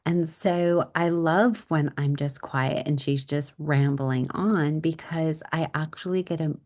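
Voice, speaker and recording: Lower-voiced woman podcast host. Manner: warm storytelling about her own parenting, chatty. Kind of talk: casual interview chat.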